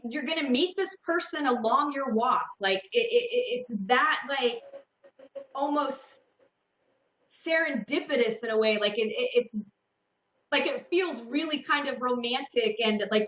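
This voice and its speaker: A woman hosting a call-in psychic radio show, giving slow, hesitant readings full of fillers and restarts. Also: fairly high pitch, fairly bright tone, echoey room, muffled recording.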